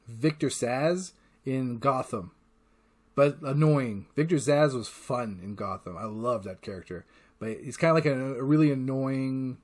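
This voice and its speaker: A man with a slightly mellow, mid-range voice hosts a casual solo podcast, enthusiastically rambling through a retelling and swearing freely. He acts out character lines in quick voices.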